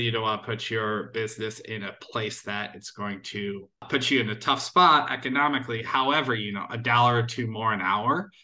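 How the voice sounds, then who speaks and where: A man's voice: lowish voice, bright, forceful tone. A man appearing as a podcast guest, explaining small business advice in an upbeat, advisory way. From United States. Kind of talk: casual interview answers.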